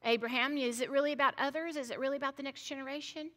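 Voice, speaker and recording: A woman's voice: sits high, steady tone, very fast, bright, forceful tone, long reverb tail. A middle-aged woman pastor preaching a sermon, telling stories in a chatty way, with restarts and joking asides.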